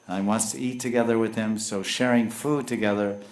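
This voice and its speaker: A man giving a sermon, telling a sacred story in a relaxed, rambling way with hesitations. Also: on the low side, brisk, roomy sound. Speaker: spiritual teacher.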